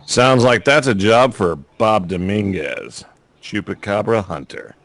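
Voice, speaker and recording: Deep-voiced man with dry one-liners. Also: expressive, a little slow, a bit bright, no room sound. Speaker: podcast co-host. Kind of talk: casual joking chat.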